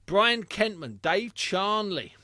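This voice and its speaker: Bright chatty guy hosting a boxing podcast, dry close mic. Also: high-pitched, sing-song, takes it slowly, dry recording. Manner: chatty, reads out listener answers. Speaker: podcast host. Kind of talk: casual boxing chat.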